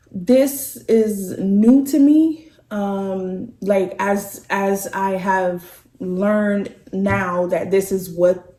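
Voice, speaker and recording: A middle-aged woman telling a personal story in a slow, halting, heartfelt way to her vlog viewers. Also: medium pitch, dark tone, distant mic. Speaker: vlogger. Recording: echoey room, off-mic.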